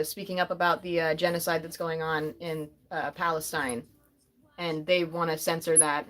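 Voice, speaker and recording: A woman's voice: fairly low pitch, a bit bright. Chatty young woman hosting a livestream. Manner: chatty, laughing often, reading chat aloud. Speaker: livestream host. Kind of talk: casual livestream chat.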